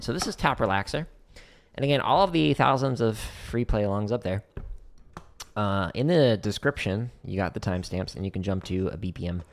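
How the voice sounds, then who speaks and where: A man with a lowish voice runs a relaxed drum practice stream from his practice room. There is a gravelly fry in his tone as he chats through exercises and calls out counts and patterns. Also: noisy background. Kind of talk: casual live-stream teaching.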